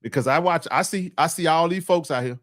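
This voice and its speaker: A man's voice: on the high side, brisk, fairly bright tone, no room sound, clean studio sound. A man hosting a casual sports chat, talking emphatically and repeating himself in playful trash talk.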